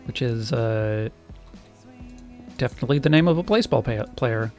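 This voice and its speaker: Man, streamer, casual gameplay talk, muttering to himself, average pitch. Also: normal speed, a little mellow, soft background music. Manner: thinking aloud, muttering to himself.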